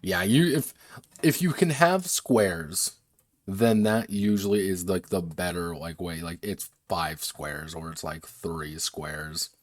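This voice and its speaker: A man's voice: low voice, slow pace, dry recording, clean studio sound. A man chatting casually on a stream about designing games, rambling, laughing and swearing freely. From United States. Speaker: game designer streaming a workshop.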